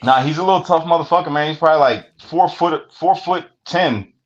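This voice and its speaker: A man's voice: on the high side, a little fast. A man who co-hosts a podcast, telling stories in a blunt, profane, plain-spoken way. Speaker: podcast co-host. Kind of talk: casual storytelling. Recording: dull lo-fi sound.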